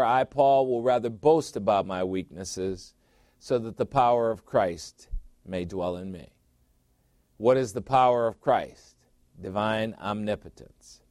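A man's voice: mid-range voice, darkish tone, no echo, studio quality. A middle-aged man preaching a sermon as pastor, emphatic, repeating phrases and putting questions to his listeners.

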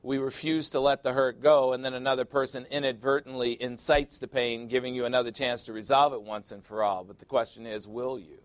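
Male pastor, confiding conversational sermon with quiet asides, mid pitch, dry close recording. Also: fairly even intonation, a little fast, hardly any pauses, no echo. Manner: candid, confiding, often drops to a low aside.

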